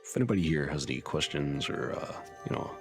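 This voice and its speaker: A man's voice: rumbling low, expressive, fast talker, music in the background. A man playing in a tabletop game, laid-back, talking to the stream chat. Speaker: player. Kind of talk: casual chat.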